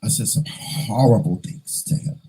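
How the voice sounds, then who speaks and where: A man's voice: fairly low pitch, normal speed, warm tone, breathy edge, rough recording. A man vlogger telling a personal story in an earnest, emotional way, fighting back tears and repeating phrases for emphasis.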